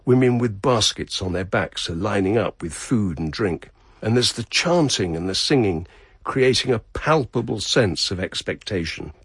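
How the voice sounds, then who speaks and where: A man narrating a radio feature in a measured, descriptive way. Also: on the low side, lively intonation, a bit bright, husky, no echo, studio quality. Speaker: radio reporter.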